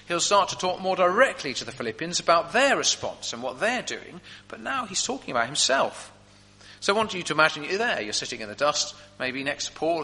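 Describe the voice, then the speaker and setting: A man preaching a sermon with animated storytelling, in a long hall reverb. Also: fairly high pitch. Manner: animated storytelling, vivid examples.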